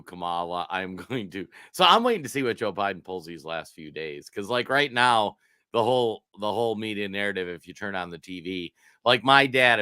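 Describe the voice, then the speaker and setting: A man's voice: on the low side, clean tone, no room sound. A man from Minnesota co-hosting a casual political talk show, telling stories animatedly and acting out what people said. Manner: animated storyteller who acts out quotes. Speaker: co-host.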